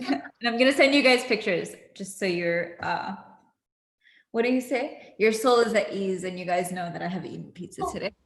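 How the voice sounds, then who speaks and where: A woman's voice: mid-range voice, moderate pace, reverberant. A woman hosting a casual livestream, chatty and laughing often with lots of fillers. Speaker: livestream host. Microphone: video call.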